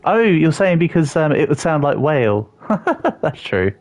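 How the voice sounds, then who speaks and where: A man's voice: fairly high pitch, sing-song, normal speed, a little mellow. Chatty self-deprecating young male streamer. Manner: chatty, self-deprecating, answers viewers aloud. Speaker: livestreamer. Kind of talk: casual gaming livestream chat. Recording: slightly dull audio with faint background music.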